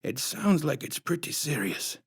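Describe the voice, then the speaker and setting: A man's voice: on the high side, big pitch swings, unhurried, gravelly, breathy edge, no room sound, clean studio sound, voice pushed up, heavily acted. A man reading a storybook aloud, voicing a stern father with a curt, annoyed tone.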